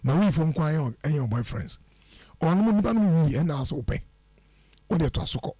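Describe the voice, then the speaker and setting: A man speaking as a guest on a radio show, giving lively, preachy advice on how to order your life and mixing English phrases into his speech. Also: on the high side, fairly quick, slightly rough, no room sound. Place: radio studio.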